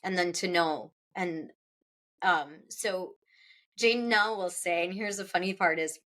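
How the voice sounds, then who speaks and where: A middle-aged woman, an author being interviewed, recounting a personal loss in a halting, emotional way, with restarts and pauses and her voice rising at the hardest moments. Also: fairly low pitch, a bit bright. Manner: halting, with restarts and pauses; voice rises when recalling distress.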